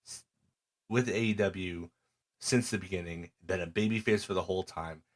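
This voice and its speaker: At a normal speed and a low pitch, a middle-aged man co-hosts a podcast and chats through recaps of matches. His storytelling is animated, and he performs the wrestlers' lines as he quotes them.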